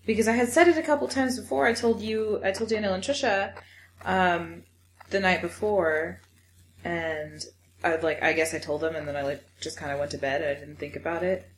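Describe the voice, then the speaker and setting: A woman's voice: fairly low pitch, moderate pace. A woman co-hosting a podcast, talking frankly and sympathetically about anxiety. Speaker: podcast co-host. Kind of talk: candid podcast chat. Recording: echoey room with faint hiss.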